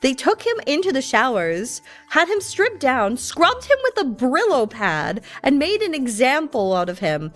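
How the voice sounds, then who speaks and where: A woman's voice: high-pitched, sing-song, a little slow, hardly any pauses, a bit bright, faint music behind. A woman streamer telling anecdotes in a casual, chatty way. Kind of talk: casual storytelling chat.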